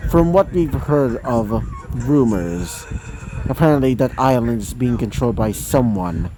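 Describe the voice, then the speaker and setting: A man's voice: animated, unhurried, mellow, slight background noise, lightly acted, rough recording. A man reading as a weary woman commandant. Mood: commanding. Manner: weary, low-key, sighing. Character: weary woman commandant, tired officer buried in paperwork.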